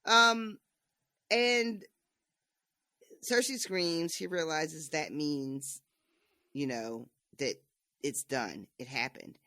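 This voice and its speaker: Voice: medium pitch, extremely slow, pauses often, sharp tone, no echo, clean studio sound. A podcast co-host casually recapping book chapters, laughing often.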